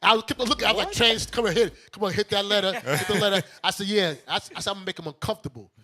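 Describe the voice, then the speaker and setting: Racing along in a voice that sits high, with crowd noise around him, this Brooklyn bishop and radio host spins a story for studio friends. Animated and casual, he performs each character's voice, playing out both sides.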